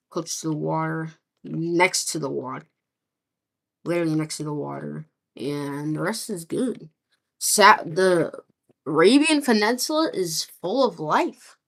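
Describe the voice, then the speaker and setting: Woman, improvised storytelling, rambling, fry in the voice, lowish pitch. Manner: rambling, acts out groups in quoted asides. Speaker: map series narrator.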